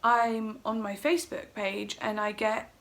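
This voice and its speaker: A woman's voice: medium pitch, flat delivery, measured pace, fairly bright tone. A middle-aged woman at home, telling a personal story in a casual, emotional, rambling way and acting out her own quotes. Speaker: vlogger.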